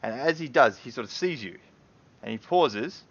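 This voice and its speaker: A man's voice: medium pitch, expressive, normal speed, a bit bright, highs cut off. A man narrating as game master in a loose, casual way, full of fillers and hedging words.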